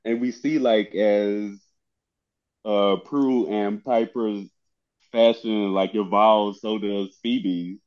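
A laid-back man chatting as a podcast co-host, dropping chuckling asides. His voice is fairly low, and the sound is dull and lo-fi. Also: fairly even intonation, slow pace. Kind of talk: casual chat.

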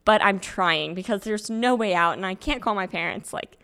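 A woman's voice: mid-range voice, normal speed, fairly bright tone. A young adult woman in casual chat, telling a story and laughing often.

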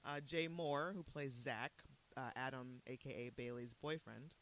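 A woman hosting a casual podcast chat, animated and quick to laugh and swear. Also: very deep voice. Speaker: podcast host. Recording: faint hiss.

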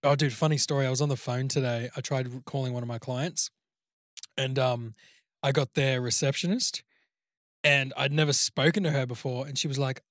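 A man's voice: mid-range voice, steady tone, normal speed, a bit bright, no room sound, clean studio sound. A man, co-hosting a casual podcast and bantering playfully. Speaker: podcast co-host. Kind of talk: casual chat.

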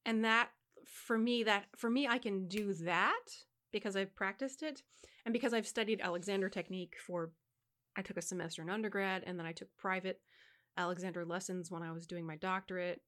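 A woman's voice: mid-range voice, fairly quick, fairly bright tone. Woman co-host, voice-teacher manner, frank and instructive, casual chat. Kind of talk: casual conversation.

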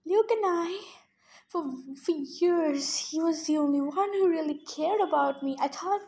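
A woman's voice: very high voice, unhurried, darkish tone. A woman reading the part of a clever, stubborn teenage girl, earnest and subdued. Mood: hesitant.

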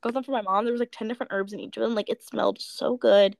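A young woman with a gravelly, mid-range voice talks at a quick pace while co-hosting a podcast. It's late, she sounds tired, and she's a giggly, excitable storyteller in casual conversation.

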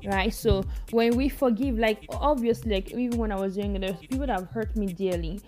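A woman's voice: medium pitch, brisk, dark tone, faint music behind. A woman, a podcast guest talking casually and emphatically, often laughing and repeating herself for stress.

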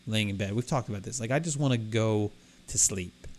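A man's voice: lowish voice, brisk, darkish tone. A man co-hosting a podcast, telling stories in casual chat, rambling and restarting his sentences often. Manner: rambling, self-interrupting storyteller. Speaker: podcast co-host.

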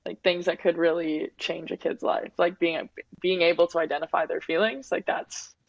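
A woman from Winnipeg, Canada, in her twenties and a guest athlete, gives an open, reflective interview laden with "like" and "um". Her voice is low with vocal fry, flat in delivery and normal in speed, recorded dull, dry and lo-fi with no room sound.

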